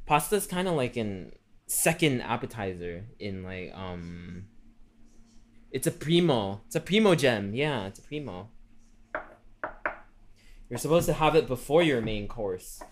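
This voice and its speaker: Brief: mid-pitched male streamer, rambling chatter while cooking, speaks of himself in third person. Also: sing-song, measured pace, long pauses, a little hiss or hum. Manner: chatty, rambling with many fillers. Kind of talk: casual cooking livestream chat.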